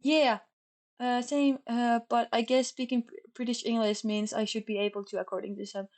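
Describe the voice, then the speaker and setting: Fast-talking Finnish-accented young woman. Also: fairly high pitch, level tone, a little mellow. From Finland. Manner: fast, sloppy talker who stumbles over words. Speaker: streamer. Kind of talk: casual chat.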